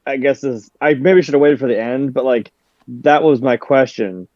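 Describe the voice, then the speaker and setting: A man's voice: mid-range voice, normal speed, no echo. A man on a movie discussion panel, chuckling and asking questions. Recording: dull lo-fi mic.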